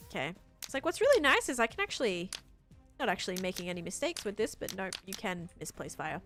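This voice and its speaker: A woman's voice: medium pitch, fairly bright tone. A young woman, chatting casually while live-streaming a game and answering chat.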